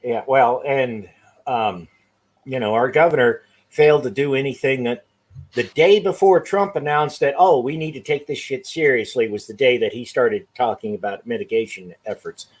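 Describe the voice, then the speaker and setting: A man's voice: mid-range voice, normal speed. A man talking as a podcast guest, making wry, easygoing remarks. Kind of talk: casual chat.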